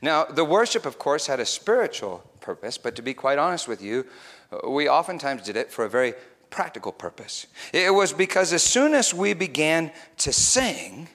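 A man preaching a sermon, moving between quiet reflection and excited, animated storytelling. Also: a little high, moderate pace. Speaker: pastor.

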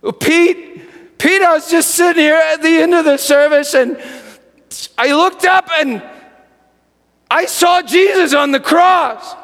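A man voicing a young man who is sobbing and overwhelmed, crying out in high, cracking shouts. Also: normal speed, hardly any pauses. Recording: long hall reverb.

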